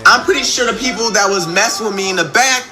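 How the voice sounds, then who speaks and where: A man's voice: high voice, fast, sharp tone, faint music behind. A young man telling a story from his school days in a casual, rambling, slangy way, acting out the quotes. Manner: rambling, slangy, with lots of restarts and acted-out quotes.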